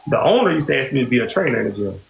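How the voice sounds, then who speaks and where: His pitch swings widely around a medium center as this gravelly-voiced podcast host talks rapid-fire through a personal story. The talk is casual and meandering, punctuated by "you know what I'm saying." The recording has room echo and faint hiss.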